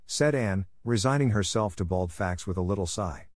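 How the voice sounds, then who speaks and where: A man narrating a classic novel as an audiobook, in a measured, plain storytelling manner. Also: on the low side, darkish tone, no room sound, clean studio sound.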